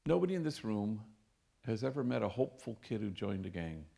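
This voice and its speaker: Gravelly-voiced priest telling stories. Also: male voice, fairly low pitch, big pitch swings, fairly quick. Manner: warm anecdotal storytelling with Spanish phrases. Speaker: priest and speaker. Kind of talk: storytelling lecture. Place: lecture hall.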